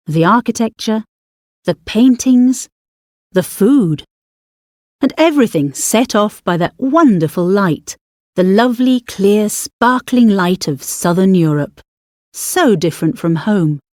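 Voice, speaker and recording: A woman narrating an audiobook story in a measured, expressive manner. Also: mid-range voice, dry recording, studio quality.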